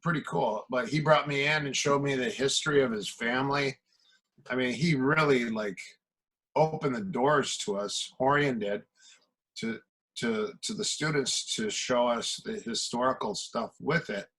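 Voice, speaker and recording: A man's voice: medium pitch, a little slow, a bit bright, husky, poor audio. A middle-aged man from the American Midwest, a martial arts coach telling stories as a podcast guest and acting out quoted exchanges. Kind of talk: casual storytelling.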